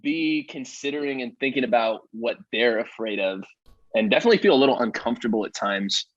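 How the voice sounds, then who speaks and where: A man's voice: medium pitch, fairly quick, a bit bright, no echo, muffled recording. A young man, a musician guest, chatting casually and joking about himself in a podcast interview. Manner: joking, self-deprecating, trails off with fillers.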